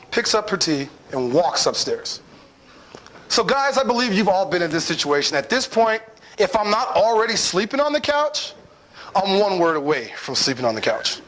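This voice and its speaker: A young man telling a personal story to an audience in a playful, animated way, acting out his own lines and often checking in with "right?". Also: high voice, a little hiss or hum, poor audio. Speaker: speaker telling a personal lesson.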